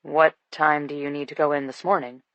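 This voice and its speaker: Woman reading a chill teasing guy, low easygoing voice, audiobook. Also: little pitch movement, a little fast, dry recording, lo-fi sound. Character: deep-voiced young man, relaxed and teasing.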